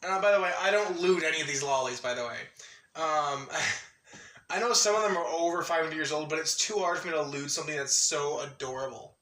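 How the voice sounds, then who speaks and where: A man rambling excitedly in a casual vlog, laughing often and restarting his sentences. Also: fairly high pitch, brisk, roomy sound, distant mic. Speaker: anime vlogger.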